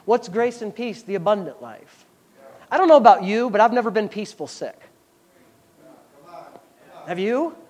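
A pastor preaching a sermon, reading scripture slowly and then explaining it with rhetorical questions and emphatic rising bursts. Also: big pitch swings, a little mellow. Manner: preaching with rhetorical questions and call-outs to the congregation; rises to emphatic high bursts when stressing points.

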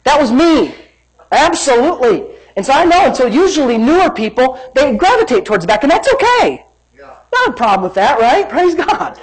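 A man preaching a sermon, telling a story with laughter and shouted emphasis. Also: extremely high pitch, big pitch swings, fairly quick, husky, poor audio.

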